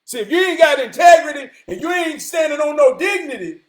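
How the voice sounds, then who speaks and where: A man with a strikingly high-pitched voice delivers a preachy motivational monologue. He is emphatic and profane, often rising to a shout, and he slows down to repeat his key lines for weight. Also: lively intonation. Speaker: motivational vlogger.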